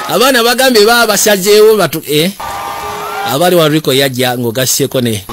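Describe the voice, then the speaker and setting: Excited high-voiced Ugandan film narrator. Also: male voice, fairly quick, crowd noise. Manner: excited, often shouting and laughing. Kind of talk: lively voice-over commentary on a film. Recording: film soundtrack music underneath.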